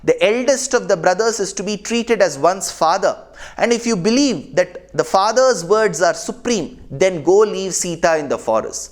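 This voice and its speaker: A man's voice: high-pitched, animated, a little fast. A man as a stern commanding king.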